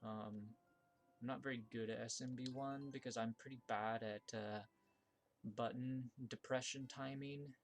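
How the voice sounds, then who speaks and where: A man speaks unhurriedly over slight background noise while playing viewer-made game levels on a live stream. His casual commentary is thought aloud with restarts and fillers, and surprises trigger yelps and bursts of high excitement.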